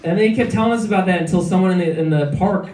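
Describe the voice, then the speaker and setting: A man's voice: high voice, very fast, recorded from a distance, heavy background noise. A male comedian performing a headline stand-up set in a comedy club, rambling and self-deprecating, with lots of hesitant fillers. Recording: echoey club, taped from afar, loud crowd. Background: audience laughter.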